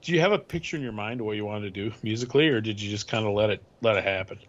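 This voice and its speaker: A man hosting an interview, upbeat and quick to joke. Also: on the low side. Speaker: podcast host. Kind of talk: casual interview chat. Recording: slightly dull lo-fi sound.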